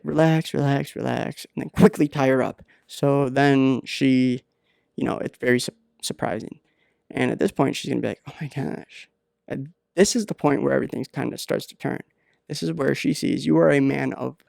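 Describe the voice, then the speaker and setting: Gravelly man rambling deadpan advice. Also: medium pitch, dry recording, studio quality. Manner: rambling, halting, many fillers. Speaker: podcast host. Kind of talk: deadpan comedic advice monologue.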